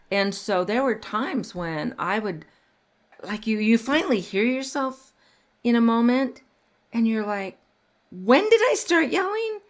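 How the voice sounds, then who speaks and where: A middle-aged woman hosting a parenting podcast, talking earnestly and getting animated when she tells stories. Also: medium pitch. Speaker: podcast host. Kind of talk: casual parenting podcast chat.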